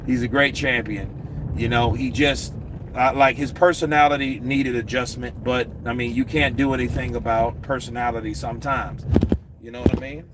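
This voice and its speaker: A man ranting about boxing as a commentator, animated and profane. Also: mid-range voice, normal speed, background noise. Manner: animated, profane, slips into impressions. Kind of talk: casual profane rant.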